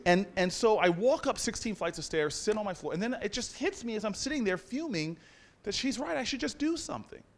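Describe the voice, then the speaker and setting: A man's voice: high voice, animated, brisk. A man in his forties telling a self-mocking story as a guest speaker in a university lecture hall. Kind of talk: storytelling speech to an audience.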